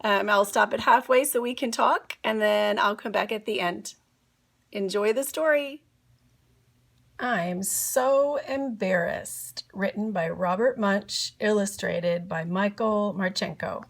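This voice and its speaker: A woman teacher reading a picture book aloud to young children from home, with slow, clear delivery. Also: medium pitch.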